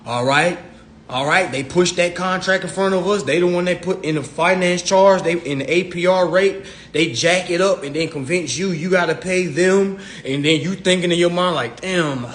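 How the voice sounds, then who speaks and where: A man's voice: sits high, moderate pace, fairly bright tone. A young adult man hosting a phone livestream, talking bluntly and profanely in a preachy rant full of acted-out dialogue. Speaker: social media live host.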